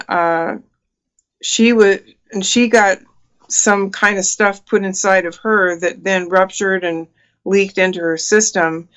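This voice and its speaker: Woman in her 60s, interview guest, flat even voice, smooth and clear, lots of uhs. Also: lowish voice. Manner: earnest, vivid retelling with many fillers. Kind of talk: telling a personal story in an interview.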